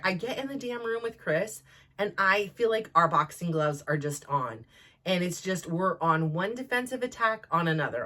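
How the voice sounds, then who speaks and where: In her forties, this podcast host rambles through a candid personal monologue, frequently starting over. Her voice is medium-pitched and a bit bright.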